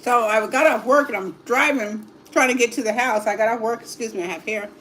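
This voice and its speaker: A woman's voice: a little high, fairly quick, fairly bright tone, slight background noise. A middle-aged woman chatting casually to her livestream viewers while eating dinner at home, laughing often and murmuring as she tastes the food. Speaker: livestream cooking host. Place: home dining table.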